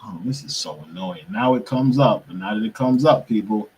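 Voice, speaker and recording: A man's voice: lowish voice, animated, normal speed, darkish tone, a little hiss or hum, low-quality recording. Frustrated man muttering at his screen. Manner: frustrated, muttering to himself, swearing. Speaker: podcast host. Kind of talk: casual talk to viewers while using a computer.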